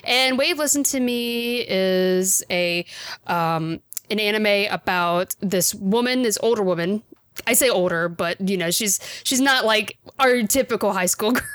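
A woman's voice: mid-range voice, a bit bright, no room sound. Chatty, laughing woman podcast host. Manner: enthusiastic, chatty, laughs often, many fillers. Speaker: podcast host reviewing anime. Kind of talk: casual chat.

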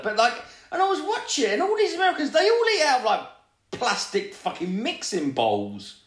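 A man's voice: extremely high pitch, huge pitch swings, normal speed, a bit bright, echoey room. A man telling a crude, rambling story in casual podcast chat. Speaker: podcast co-host.

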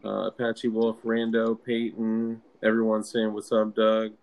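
A man co-hosting a casual podcast, laid-back and quick to laugh. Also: lowish voice, completely flat delivery, creaky, lo-fi sound. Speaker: podcast co-host.

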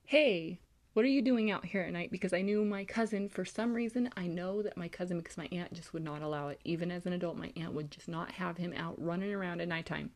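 A young woman from California hosts a podcast, telling a creepy story in a loose, casual way. Her voice sits slightly low for a woman. She rambles and fills her sentences with likes and ums. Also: steady tone, fast talker, hardly any pauses, a little mellow. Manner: rambling, heavy use of like and um. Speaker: podcast host.

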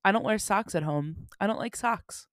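A woman's voice: medium pitch, normal speed, no echo, clean studio sound. A woman in her twenties co-hosting a podcast, chatting casually with a giggly manner and lots of fillers. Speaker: podcast co-host. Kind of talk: casual chat.

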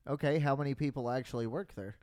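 A man's voice: medium pitch, fast, a little mellow, no echo, clean studio sound. Teasing man in podcast banter. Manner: teasing, stubborn, matter-of-fact. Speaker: podcast co-host.

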